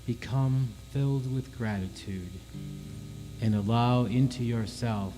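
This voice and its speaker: A man leading a church congregation in a slow, calm guided meditation before prayer. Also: medium pitch, over music, poor audio. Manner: slow, calm, soothing delivery. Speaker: worship leader.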